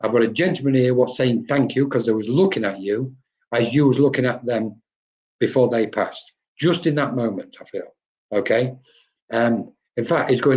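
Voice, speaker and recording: A man's voice: mid-range voice, normal speed, a little mellow. A man with a mid-range voice gives psychic readings on a live stream. He talks in a loose, chatty way and tags his lines with a questioning "okay?". The audio is dull and lo-fi. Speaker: psychic medium.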